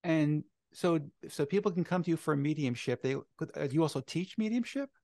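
A man's voice: a little high, animated, a little fast, no echo, clean studio sound. A man hosting an interview, reacting to his guest with short affirmations and then moving on to follow-up questions. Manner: brief warm affirmations, then probing questions. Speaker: podcast host.

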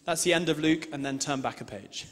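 A man preaching a sermon and reading scripture, moving between loud emphasis and hushed, slow passages. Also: fairly high pitch. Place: large church hall. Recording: reverberant hall sound.

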